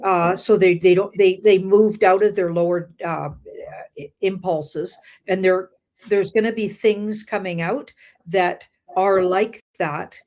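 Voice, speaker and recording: A woman's voice: medium pitch, fairly even intonation, slow, a little mellow. Hesitant woman tarot reader. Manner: hesitant, many fillers and restarts. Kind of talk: casual interview chat.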